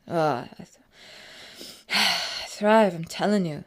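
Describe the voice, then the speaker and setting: A woman rambling casually over her own video, giggling often and drifting between loud excited bursts and quiet murmured asides. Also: deep voice, normal speed, long pauses.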